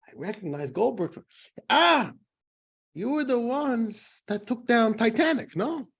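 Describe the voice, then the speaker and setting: A man's voice: very high-pitched, animated, unhurried, a bit bright, husky, pitched above the performer's own voice, heavily acted. A man putting on a naive young businessman. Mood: puzzled.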